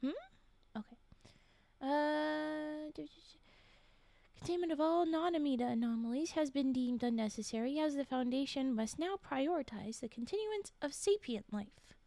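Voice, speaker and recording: High-voiced woman reading spooky stories. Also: normal speed, creaky, warm tone, no echo. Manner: chatty, reads aloud and breaks off to react and answer chat; laughs often, drops into whispered asides. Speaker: streamer reading horror stories. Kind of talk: casual live-stream story reading.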